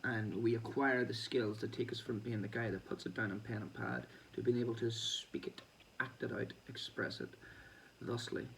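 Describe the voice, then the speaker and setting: A man's voice: fairly low pitch, moderate pace, gravelly, fairly bright tone, far from the mic, a little hiss or hum, low-quality recording. A man hosting a boxing show, reading news aloud and breaking off into chatty, sweary asides with laughing comments.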